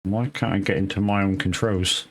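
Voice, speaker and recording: A man's voice: deep voice, fairly even intonation, normal speed. Rambling man streaming a game. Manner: rambling, swears casually, greets chat viewers by name. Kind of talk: casual live gameplay commentary.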